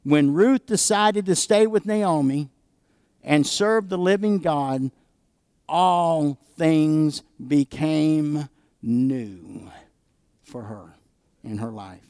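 A man's voice: a little high, extremely slow, a little mellow, no echo, studio quality. A middle-aged American man preaching a sermon, emphatic and calling out to the congregation for amens. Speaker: pastor.

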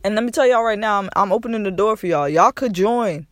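High-voiced man giving motivational talk. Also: quick pace, fairly bright tone, dry recording, clean studio sound. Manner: repeats phrases for emphasis, swears casually. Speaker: podcast host. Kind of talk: casual motivational talk, live stream.

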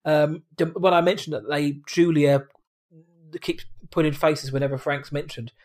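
Male co-host, casual film chat, voice a touch high, mimics lines. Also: fairly even intonation, normal speed, a little mellow. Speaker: podcast co-host.

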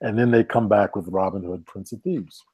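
A man's voice: fairly low pitch, moderate pace, a little mellow, husky. A man co-hosting a podcast, chatting casually about movies in a laid-back way. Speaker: podcast co-host.

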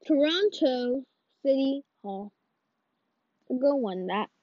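Excitable high-voiced woman, lo-fi audio. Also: takes it slowly, no room sound. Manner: excitable, rambling, mock-ranting. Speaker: video creator. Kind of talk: casual commentary while playing. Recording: dull lo-fi audio.

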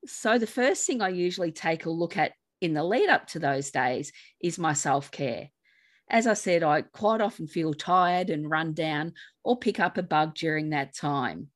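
An Australian woman co-hosting a podcast on grief, her voice sitting somewhat low. She talks calmly and steadily in a measured conversational way. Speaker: podcast co-host, grief coach.

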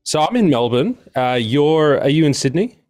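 A man's voice: a little high, very animated, moderate pace, a little mellow, no echo, clean studio sound, faint music behind. A man hosting an interview, introducing his guest and asking rambling, friendly questions with many fillers. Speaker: interview host. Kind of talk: conversational interview.

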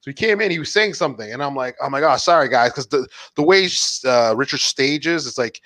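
A man's voice: mid-range voice, lively intonation, a little fast, fairly bright tone. A man co-hosting a casual podcast chat, teasing his friends and laughing often. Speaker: podcast co-host.

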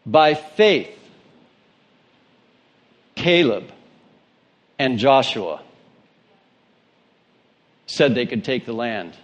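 A man's voice: medium pitch, big pitch swings, drawn-out words, long pauses. A male pastor with a Southern twang, reading scripture and preaching an emphatic sermon that asks questions of the congregation.

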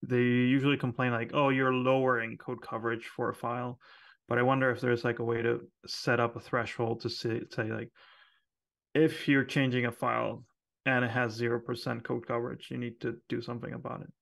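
A man co-hosting a podcast, talking shop in a relaxed, chatty way with lots of fillers and quick laughs. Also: mid-range voice, vocal fry. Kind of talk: casual technical chat.

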